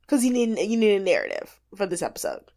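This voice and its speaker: Speaking fast at a medium pitch, a woman co-hosts a podcast recapping a reality show. She's animated and chatty in a casual way, packing her talk with fillers.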